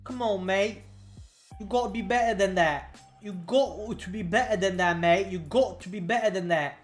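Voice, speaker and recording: A man's voice: high-pitched, moderate pace, soft background music, lightly acted. A man putting on a mixed British-Irish-Aussie trash-talker. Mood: taunting. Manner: taunting, sing-song gloating.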